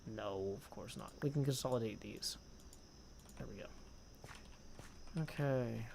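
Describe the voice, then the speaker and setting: A man's voice: on the low side, a little slow, gravelly, darkish tone, slight background noise. A man chatting casually on a gaming livestream at his desk mic, rambling, reading chat aloud and humming to himself. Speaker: streamer.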